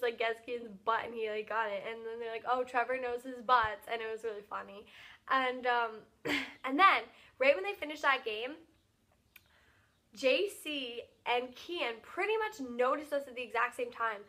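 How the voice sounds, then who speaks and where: A teenage girl vlogger excitedly recapping her day, talking fast and filling every pause with "like". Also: on the high side. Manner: gushing, fast, filler-heavy with lots of "like".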